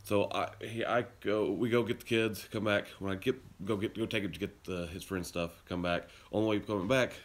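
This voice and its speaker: A man's voice: fairly low pitch, fairly even intonation, brisk, hardly any pauses. A man hosting a podcast, telling a story in a casual, rambling way that turns heated and emphatic. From Utah, US. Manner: rambling, restarts often, gets heated and emphatic. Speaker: podcast host. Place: garage and car, indoors and out.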